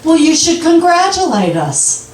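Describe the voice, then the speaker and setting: An older woman doing a stand-up comedy set, delivering punchlines in an unhurried deadpan way. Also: very high voice, a little hiss or hum. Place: comedy club stage. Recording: echoey club from a distant mic.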